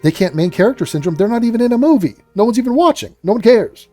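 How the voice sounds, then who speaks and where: Casting: sarcastic male commentary host, profane and exasperated, pitch swinging widely, darker mellow tone. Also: sing-song, fast talker, soft background music.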